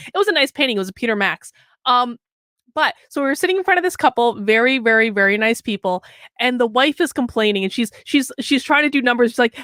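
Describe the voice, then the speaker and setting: A woman's voice: on the high side, fast talker, fairly bright tone, no echo, clean studio sound. A woman hosting a political commentary show, reading an article aloud with sarcastic, mocking asides and chatty anecdotes.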